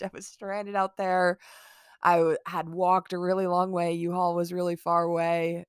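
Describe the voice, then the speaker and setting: A woman's voice: lowish voice, level tone, normal speed, clear, resonant tone, no echo, clean studio sound. A young woman vlogger telling a casual storytime, rambling with lots of "like" fillers, swearing and laughing between lines.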